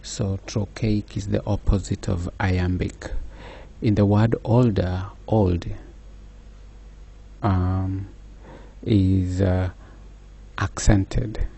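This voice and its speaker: A man giving a slow, measured lecture, pausing often with fillers. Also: low-pitched, steady tone, creaky, dark tone, slightly rough. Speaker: teacher. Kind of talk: recorded lecture.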